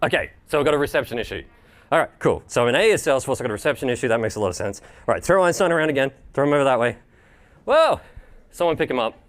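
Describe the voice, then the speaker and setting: An animated Australian man presents live to a room of attendees. He jokes and restarts his sentences. His pitch sits in the middle and moves widely up and down. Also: racing. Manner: animated and joking, with many restarts. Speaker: presenter at a tech event.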